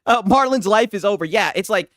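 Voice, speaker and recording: High-voiced man mocking a clip on stream. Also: animated, a little fast, a bit bright, dry recording, studio quality. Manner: laughing, mocking asides. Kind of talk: casual stream commentary.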